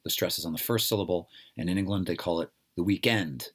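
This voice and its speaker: A man's voice: low-pitched, steady tone, fast talker, husky. A man from the United States giving an informal lecture, talking conversationally with many fillers and asides.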